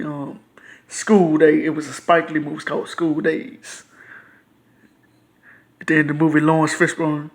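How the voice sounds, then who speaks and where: A man's voice: a little high, fairly bright tone. A man, ranting casually and profanely to his own video channel, frustrated and repetitive. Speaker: YouTuber.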